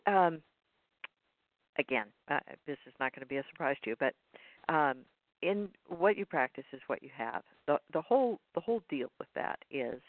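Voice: mid-range voice, no room sound. A speaker in a casual reflective conversation who stumbles and restarts often. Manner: hesitant, stumbling over words. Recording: tinny phone line.

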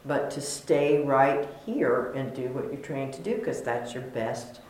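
A woman leading a spiritual question-and-answer session, playful and thoughtful, pausing often with fillers. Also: a bass voice, darkish tone. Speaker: spiritual teacher. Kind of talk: dharma talk Q&A. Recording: echoey hall, faint noise.

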